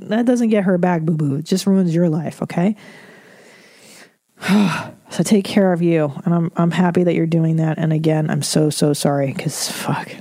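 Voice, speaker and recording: A woman's voice: fairly low pitch, moderate pace, dark tone, no echo. A woman comedian hosting an advice podcast, reading listener emails and giving blunt, profane, candid advice. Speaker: podcast host.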